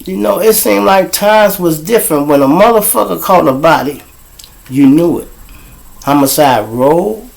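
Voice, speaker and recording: A man's voice: fairly high pitch, gravelly, darkish tone. A middle-aged man telling street stories outdoors to a live audience, blunt, profane and mocking. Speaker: show host and storyteller.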